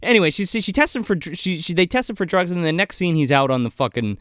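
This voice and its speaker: A man's voice: sits high, big pitch swings, fast talker, a bit bright, no echo, clean studio sound. A man co-hosting a casual movie review podcast, rambling and swearing often. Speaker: podcast co-host.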